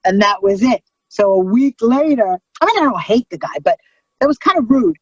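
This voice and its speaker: Brash, profane New comic woman, middle-aged, husky and dry-voiced. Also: fairly high pitch, normal speed, dry recording, highs cut off. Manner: brash, profane, animated storyteller. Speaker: comedian guest. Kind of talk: casual storytelling chat.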